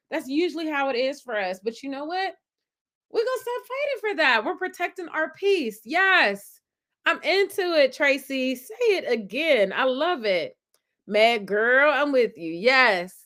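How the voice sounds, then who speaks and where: Her voice sits high and her pace is measured. A young woman hosting a relaxed live stream, she reads the chat as a podcast host and animatedly affirms and hypes her commenters.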